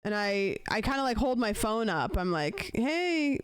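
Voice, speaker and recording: A young woman streamer telling a long story to her live chat in a casual, animated way, acting out the lines of the people in it. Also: a little high, measured pace, clear, resonant tone. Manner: chatty, animated retelling with acted-out quotes.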